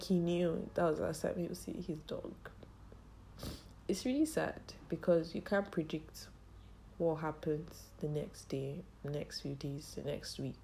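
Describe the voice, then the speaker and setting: A young woman hosting a podcast, telling a personal story in a halting, tearful way with a strained, choked-up voice. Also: lowish voice, gravelly, mellow, slight background noise. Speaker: podcast host. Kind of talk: personal monologue.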